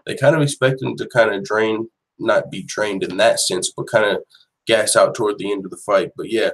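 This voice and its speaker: A man's voice: fairly low pitch, fairly even intonation, normal speed. A man hosting a casual fight-news live stream, talking slangy and profane as he reacts to viewer comments. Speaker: MMA news show host.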